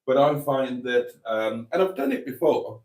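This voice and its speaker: A camp, theatrical man hosting a live chat show and working through viewer comments. His pitch rises and falls expressively, and he drawls fondly at his audience with a playful, knowing tone. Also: lively intonation, normal speed, a little mellow.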